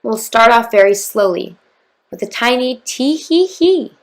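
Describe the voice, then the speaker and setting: A woman doing a gentle, coaxing court jester. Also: on the high side, lively intonation, measured pace. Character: cheerful, caring male court jester.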